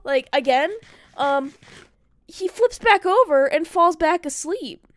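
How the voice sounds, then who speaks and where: A woman's voice: high voice, lively intonation, moderate pace, no room sound. A woman streamer telling a story in casual chat, rambling and profane, full of "like" fillers.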